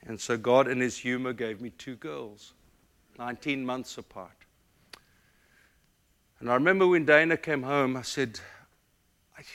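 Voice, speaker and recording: Middle-aged male pastor from Africa; bright, forceful sermon delivery with big dynamic swings. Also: mid-range voice. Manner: dynamic preaching, swings from loud emphatic to hushed and tender.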